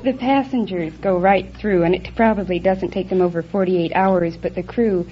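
A woman's voice: lowish voice, fairly even intonation, moderate pace. A woman, an airline stewardess, answering a quiz host's questions politely and plainly. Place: radio studio with audience. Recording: dull old broadcast recording with faint hiss.

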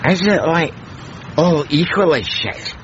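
An actor playing a chatty, offhand old homeless drinker in a radio comedy, on a dull lo-fi recording. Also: male voice, fairly high pitch, animated, a little slow, fairly bright tone, a little hiss or hum. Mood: wry. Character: old male tramp, drinker, chatty and unbothered.

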